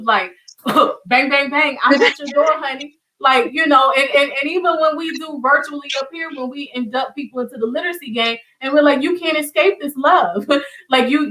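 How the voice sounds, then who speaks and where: Woman, show host, video call, slightly high voice, effusive, emotional, repeats words. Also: sharp tone, a little hiss or hum, poor audio. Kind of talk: heartfelt online show hosting.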